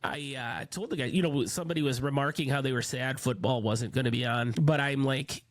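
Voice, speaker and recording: A man's voice: mid-range voice, lively intonation, fairly quick, few pauses, dry recording. A man hosting a podcast in casual chat, sounding nasal and congested from a cold, rambling with many restarts. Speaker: podcast host.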